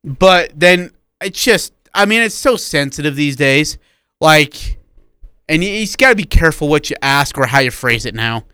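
A man co-hosting a sports talk radio show, giving animated opinions in casual chat. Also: fairly high pitch, normal speed, smooth, no room sound, clean studio sound.

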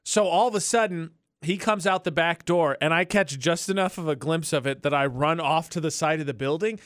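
A slightly high-voiced man hosts morning radio from a studio, chatting and spinning stories with frequent laughs. The sound is close and dry, with no room around it. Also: a little fast, no room sound. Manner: storytelling, laughs often, animated. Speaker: radio morning show host. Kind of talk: casual radio banter. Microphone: studio microphone.

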